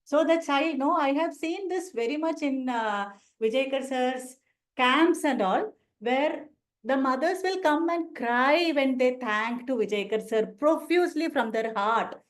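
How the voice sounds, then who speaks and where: A woman's voice: high voice, measured pace. A woman teaching homeopathy, discussing cases conversationally and often ending points with a questioning "no?". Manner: conversational, tag questions, acts out patients. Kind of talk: lecture with case discussion.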